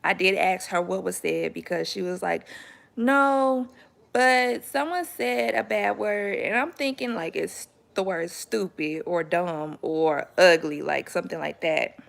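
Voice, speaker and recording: A young woman, a mother, casually telling her viewers a story in a chatty, animated way, often laughing and jumping up high when she quotes. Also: measured pace, gravelly. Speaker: vlogger and mother.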